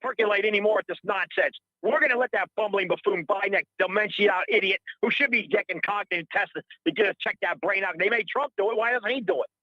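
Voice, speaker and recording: A man's voice: sits high, fast talker, hardly any pauses, no echo, highs cut off. A middle-aged man calling in to a radio show, ranting in a heated, rambling, indignant way and repeating himself. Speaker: caller. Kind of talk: heated call-in rant.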